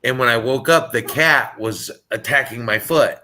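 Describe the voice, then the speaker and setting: A man on a video call telling a personal story in a halting, casual way, often repeating words as he starts. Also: mid-range voice, sharp tone. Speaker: caller sharing a story.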